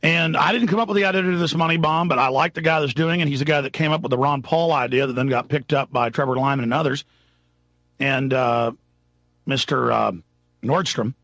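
A male radio show host delivering an impassioned, rambling monologue that shifts between low mutters and shouts. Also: fairly quick, no echo. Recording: dry, dull lo-fi recording.

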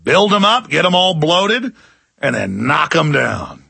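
A talk-radio man in full rant, his voice forceful and gravelly and sitting a little high. He swings between heated warnings and sarcastic mockery, stretching out his "oh"s. The studio sound is close and dry. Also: big pitch swings, no room sound. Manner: heated, sarcastic, mocking with drawn-out "oh"s. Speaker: radio talk show host. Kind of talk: ranting political commentary.

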